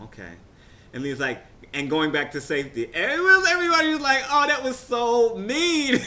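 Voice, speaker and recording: A man casually recapping a TV results show, chatty and excitable, rambling with frequent restarts. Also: fairly high pitch.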